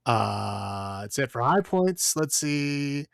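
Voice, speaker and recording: A man's voice: mid-range voice, very animated, slow, gravelly, fairly bright tone, no room sound, clean studio sound. A man co-hosting a podcast, giving a blunt, profane, rambling movie review with lots of fillers. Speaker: podcast co-host. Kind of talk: casual movie review chat.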